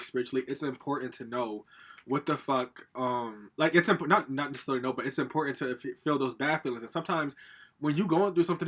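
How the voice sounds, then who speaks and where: A man's voice: medium pitch, a bit bright. A man giving a casual pick-a-card tarot reading at home, talking straight to viewers in a loose, profane, rambling way with plenty of fillers. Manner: rambling with frequent fillers and laughs. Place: home, with a laptop.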